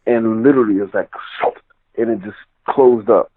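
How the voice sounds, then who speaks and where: A man's voice: lowish voice, normal speed, no room sound. A man telling a personal story in a rambling, casual way, full of "you know" and "like". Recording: tinny phone line.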